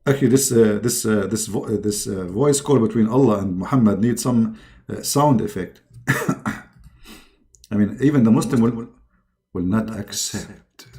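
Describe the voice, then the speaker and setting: A man's voice: lowish voice, a little slow, long pauses, darkish tone. A man hosting a mocking religious commentary, talking sarcastically in broken English. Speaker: host.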